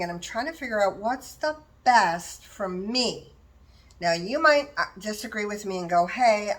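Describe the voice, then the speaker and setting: An older woman chatting casually to viewers in her kitchen, rambling as she shares plant-based diet tips while making a salad. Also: mid-range voice. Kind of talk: casual how-to chat while preparing food.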